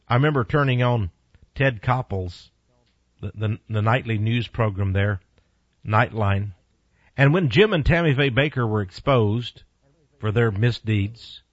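A man preaching a sermon, emphatic with big swings in pitch and loudness. He speaks to his listeners directly and bluntly, and reads scripture slowly and deliberately. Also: no echo. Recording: dull lo-fi recording.

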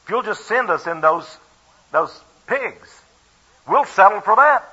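A man's voice: high-pitched, lively intonation, measured pace, sharp tone, husky, pitched above the performer's own voice, full character voice. A man voicing a pack of frightened male devils who plead and whine, in a mocking way, while he preaches. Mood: scared. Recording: dull, lo-fi radio broadcast.

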